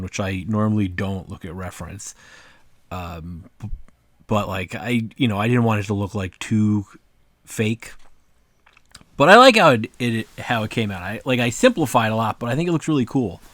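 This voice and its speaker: A man's voice: lowish voice, a bit bright, no room sound. A man casually talking through his own cartoons, rambling and filling his talk with "like" and "uh". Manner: rambling, full of "like" and "uh" fillers. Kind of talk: casual vlog commentary.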